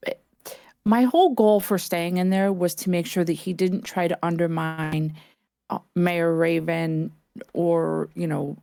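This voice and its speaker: A woman's voice: fairly low pitch, steady tone, measured pace, creaky, mellow, dry recording, studio quality. A woman playing in a tabletop game, talking hesitantly with many fillers over an online voice call. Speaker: player. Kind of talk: casual chat in a tabletop game.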